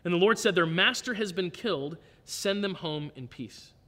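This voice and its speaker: Man reading a solemn, defiant old prophet, highish voice, echoey hall. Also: lively intonation, moderate pace, fairly bright tone. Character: defiant ancient prophet speaking hard truths.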